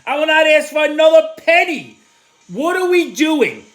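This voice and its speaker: A man hosting a vlog, giving sarcastic, exasperated political commentary that bursts into shouting. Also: very high-pitched, big pitch swings, normal speed. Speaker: host.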